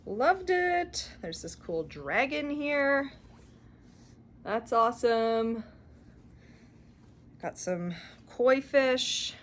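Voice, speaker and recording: A young Canadian woman hosting a cross-stitch channel gushes over her shopping finds in a casual show-and-tell chat full of fillers and laughs. Her voice is on the high side and sing-song, with a fairly bright tone, and she speaks extremely slowly with long pauses.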